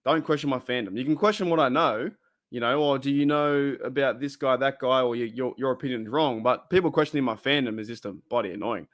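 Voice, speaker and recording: A man's voice: medium pitch, a little fast, fairly bright tone. An Australian man hosting a casual live stream, talking bluntly and heatedly and swearing freely.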